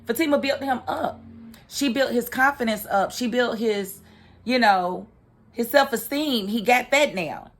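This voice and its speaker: A woman giving a casual, expressive recap of a TV episode, laughing and acting out the characters' lines. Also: a little high, unhurried. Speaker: TV recap host.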